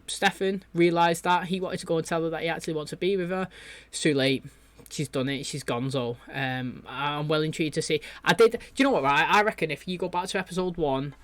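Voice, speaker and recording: A man, rambling excitedly as he reacts to a TV episode in a casual chat. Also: a little high, a little fast, dry recording. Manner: rambling and excitable, lots of fillers and "you know". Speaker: reaction video host.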